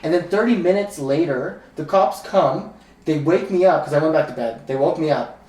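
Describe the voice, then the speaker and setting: A podcast co-host telling a story in casual chat, cursing freely and acting out the quoted lines loudly. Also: medium pitch, normal speed. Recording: echoey room, mic at a distance.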